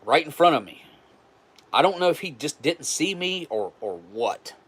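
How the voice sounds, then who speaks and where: A man's voice: a little high, very animated, normal speed, a bit bright, slightly rough. A man hosting a live stream, telling a story in a frank, rambling way with profanity and frequent restarts. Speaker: livestream host.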